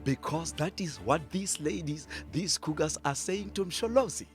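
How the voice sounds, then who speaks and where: Pompous older politician, voiced by a man, high-pitched, faint music behind. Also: animated. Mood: boastful. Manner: pompous, drawn-out, chuckling. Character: boastful older male politician, pompous and crude. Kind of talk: satirical puppet sketch.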